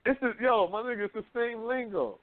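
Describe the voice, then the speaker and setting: A man in his thirties hosting a casual talk radio show, swearing freely and telling animated stories. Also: very high voice, brisk, no echo. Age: 30s. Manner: loose, profane, animated storytelling. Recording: phone-line call-in radio, dry.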